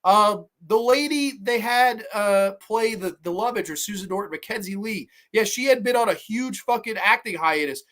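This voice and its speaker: A man's voice: sits high, animated, normal speed, hardly any pauses, fairly bright tone. A man hosting a horror movie review show, ranting in a profane, heated and sarcastic way. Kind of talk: solo movie review rant.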